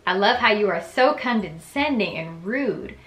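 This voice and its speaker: A young woman, a gaming YouTuber, reads a story game's dialogue aloud and keeps breaking in with chatty, reactive remarks of her own. Her mid-range voice is fairly bright with lively intonation at a moderate pace, in a roomy-sounding space with soft music behind her.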